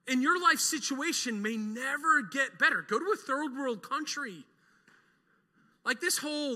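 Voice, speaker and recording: Middle-aged man, pastor; emphatic sermon, high and very bright voice. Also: expressive, normal speed, long reverb tail. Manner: emphatic, leads call-and-response with the congregation.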